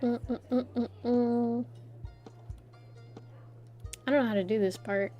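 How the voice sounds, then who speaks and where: A woman's voice: fairly high pitch, steady tone, drawn-out words, lo-fi sound, faint music behind. A young adult woman streamer who chats casually while drawing, rambling and self-deprecating and laughing often.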